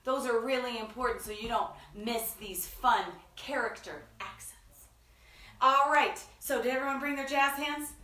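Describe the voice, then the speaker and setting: A woman's voice: fairly high pitch, a little slow, sharp tone, reverberant, recorded from a distance. A woman hosting a children's story time, talking to kids in a sing-song, enthusiastic teacher way. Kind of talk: children's read-aloud lesson.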